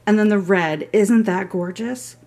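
Here a middle-aged haul vlogger chats through her purchases in a relaxed show-and-tell video, raving about every item and wandering off on tangents. She speaks a touch slowly in a medium-pitched, slightly mellow voice.

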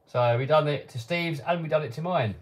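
Male host, slightly higher voice, laid-back live chat Q&A, reads questions then answers offhand. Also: fairly quick. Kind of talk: casual live-stream Q&A. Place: home workshop.

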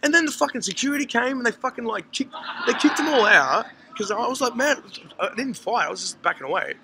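High-voiced, gravelly storytelling man. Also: fast, crowd noise, rough recording. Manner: animated, sweary, acts out quotes. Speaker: podcast host telling a story. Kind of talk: casual storytelling among friends. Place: hostel common area, indoors.

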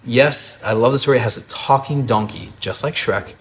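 A man preaching a sermon as a pastor, and told the story in a lively, humorous way. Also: mid-range voice, moderate pace, a little hiss or hum.

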